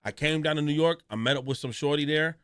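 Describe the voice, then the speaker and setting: A man streaming live, reacting to a video in a loud, joking way with a lot of slang and talking straight to his chat. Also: on the high side, fast talker, clear, resonant tone, no room sound, studio quality.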